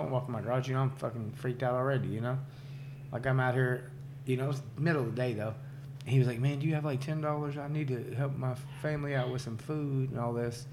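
A man's voice: mid-range voice, background noise. A man casually telling stories on a podcast, loose and profane, laughing often and saying "like" and "dude" a lot. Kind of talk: casual storytelling chat.

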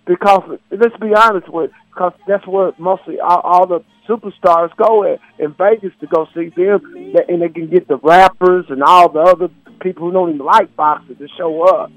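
A man's voice: high voice, steady tone, moderate pace, a bit bright, no echo, poor audio. A man calling in to a sports radio show over the phone, earnest and emphatic. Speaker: radio caller. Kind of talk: call-in radio chat. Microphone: phone line.

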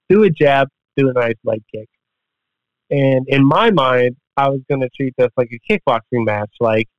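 Dull, dry podcast audio carries this MMA fighter's mid-range voice, itself dry-recorded. As a guest, he rambles through a casual, profane story and acts out the quotes.

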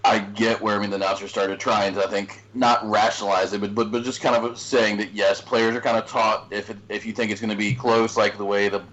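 Lower-voiced dude on the podcast, kinda muffled audio, lots of um and restarts. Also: male voice, little pitch movement, a little fast, few pauses, fairly bright tone. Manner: hesitant, many restarts, thinking aloud. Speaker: podcast co-host. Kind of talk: casual chat.

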